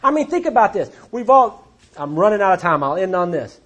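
A man's voice: high-pitched, very animated, fairly quick, fairly bright tone. A man speaking to a recovery group, telling stories in a plainspoken, folksy and blunt way. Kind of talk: storytelling talk to a recovery group.

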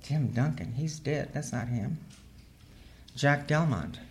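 A woman's voice: very deep voice, slow, slight background noise. A woman sharing her recovery story as humorous personal storytelling, earthy and wry, laughing as she goes.

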